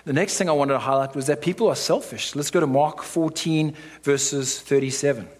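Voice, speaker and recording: Husky-voiced man preaching a sermon. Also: fairly high pitch, brisk, a little mellow. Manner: emphatic, with rhetorical questions and frequent "right?". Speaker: pastor.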